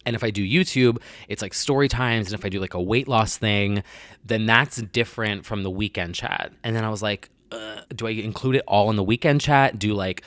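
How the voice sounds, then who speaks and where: Young male vlogger, lowish voice, dry close sound, rambling and confessional, lots of "like.". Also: a little fast, a bit bright, dry recording. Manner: rambling, self-deprecating, heavy use of "like"; confessional and candid. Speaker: vlogger host. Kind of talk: casual chat to camera.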